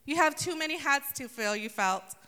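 Woman preacher, high voice, bright tone, animated storytelling, long reverb. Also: normal speed. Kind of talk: sermon with humor.

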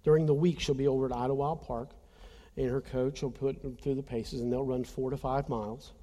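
A male pastor tells a personal story in an earnest, conversational sermon, addressing the congregation directly. His voice is mellow and warm, at a middle pitch. It rings with the long reverb of a large church hall. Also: fairly even intonation, brisk.

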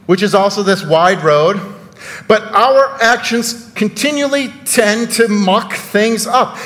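A man's voice: high-pitched, lively intonation, unhurried, a bit bright, long reverb tail. A man preaching a sermon in a church, conversational and full of rhetorical questions and sarcastic asides. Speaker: pastor.

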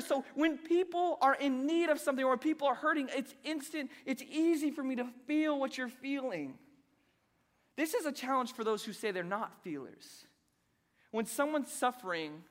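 Young male pastor, high voice, playful self-deprecating preacher, reverberant hall. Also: fairly bright tone. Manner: playful, self-deprecating storytelling between points. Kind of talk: sermon.

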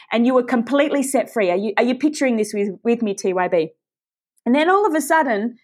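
Woman preacher, fervent and emphatic, slightly high voice, sermon delivery. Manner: passionate, emphatic, direct address to listeners.

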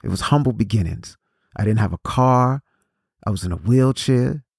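A man in his forties gives a preachy motivational talk, circling back on phrases and restarting sentences. His voice is low and gravelly. The recording is dry and close to the mic. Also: moderate pace, a little mellow, no room sound. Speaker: motivational speaker.

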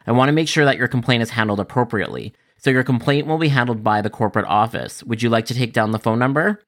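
A man narrating comic stories in a mid-pitched voice. He turns flustered easily and jumps higher in pitch when panicked. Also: a bit bright. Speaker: storyteller. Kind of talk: comedic story narration.

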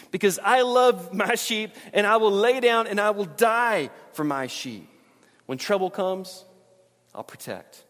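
A middle-aged male pastor gives a sermon with a fairly high voice. He talks to the congregation like it's a conversation and stumbles over repeated words when he's emphatic. The sound carries a long reverb from a large church hall. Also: a bit bright.

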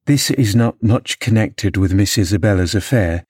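A man narrating a classic novel as an audiobook, measured and expressive. His voice sits on the lower side and the close recording is completely dry. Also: breathy edge, dry recording.

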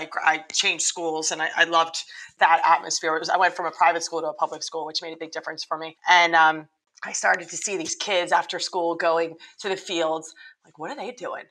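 Bright-voiced woman coach telling her story. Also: fairly low pitch, a little fast, low-quality recording. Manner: earnest, animated, frequent restarts. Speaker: lacrosse coach, guest. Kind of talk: podcast interview, storytelling.

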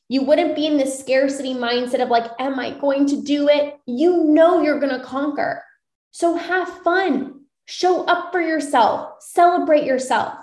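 A woman's voice: high voice, a little mellow, echoey room. A woman coaching viewers on a live stream, upbeat and encouraging, with lots of repetition. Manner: upbeat, encouraging, repeats phrases. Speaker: binge eating coach.

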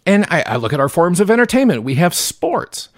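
A man's voice: high voice, very animated, brisk, dry recording, studio quality. A man hosting his own podcast, ranting in a profane, worked-up way with frequent stumbles and restarts. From Pacific Northwest of the US. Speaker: podcast host. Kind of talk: solo podcast monologue.

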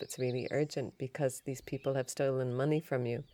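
A woman hosting a yoga and Ayurveda podcast, telling a story in a chatty, animated way. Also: a bass voice, normal speed. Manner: chatty, animated retelling with laughs and restarts.

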